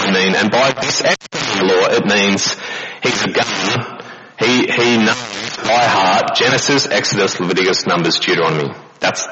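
Man preaching, lo-fi recording. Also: on the low side. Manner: animated storytelling with rhetorical questions. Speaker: pastor. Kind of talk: sermon. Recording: dull lo-fi recording with noise.

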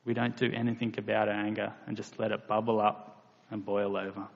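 Gravelly preacher in a reverberant hall. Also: male voice, fairly low pitch, little pitch movement, fairly quick, highs cut off. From Australia. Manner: earnest, plain-spoken, acts out quoted voices. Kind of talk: sermon.

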